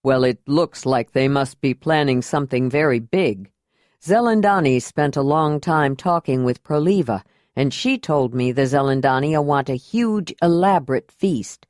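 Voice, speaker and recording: A woman's voice: a bass voice, moderate pace, darkish tone, dry recording, studio quality, voice pushed down. A woman voicing a young man who answers in a hesitant, evasive way.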